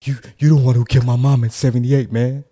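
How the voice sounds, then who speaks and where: A man voicing an unkempt man in his late forties who shouts the same accusation again and again. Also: mid-range voice, little pitch movement, quick pace, close to an everyday voice. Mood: accusing. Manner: repeats himself, shouting and pointing.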